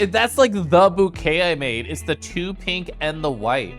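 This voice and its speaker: A man's voice: a little high, animated, unhurried, hardly any pauses, a bit bright, soft background music. A man streaming a game from home, chatting playfully with viewers and slipping into silly little voices. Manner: playful, sappy, giggly, does silly voices. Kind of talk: casual game stream chat.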